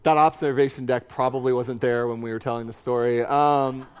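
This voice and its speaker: A man preaching a sermon, reading scripture and adding animated, conversational asides with a joking streak. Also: medium pitch, fairly quick, clear, resonant tone. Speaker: pastor.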